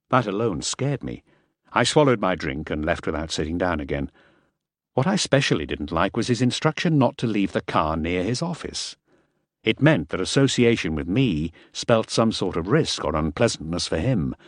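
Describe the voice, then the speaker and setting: An audiobook narrator with a low male voice and lively tone reads a first-person novel at a moderate pace. The recording is dry, with clean studio sound.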